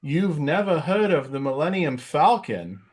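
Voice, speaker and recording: A man doing a halting, deadpan space captain impression. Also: on the high side, pitched above the performer's own voice.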